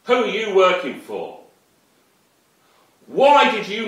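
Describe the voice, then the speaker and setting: A man's voice: sits high, wildly swooping pitch, takes it slowly, pauses often, fairly bright tone. A man ranting angrily to camera in an unscripted, profane tirade, accusing someone directly. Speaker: online commentator. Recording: very echoey room, far from the mic.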